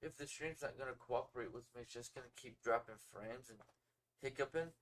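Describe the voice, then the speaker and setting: A man's voice: mid-range voice, fairly quick, a little hiss or hum. A man co-hosting a casual livestream podcast, talking in a laid-back, shrugging way. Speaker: podcast co-host. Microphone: phone or home streaming setup.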